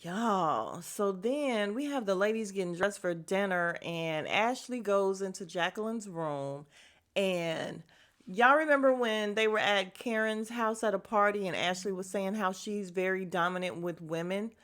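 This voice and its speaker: A woman's voice: mid-range voice, measured pace, fairly bright tone. A woman hosting a podcast, recapping a reality show in a casual, blunt, slangy way and laughing often. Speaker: podcast host.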